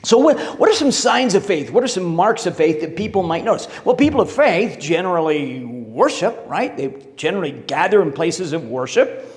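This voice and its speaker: Male pastor, lively high voice, storytelling sermon in a reverberant hall. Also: normal speed. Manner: storytelling, asks the congregation questions.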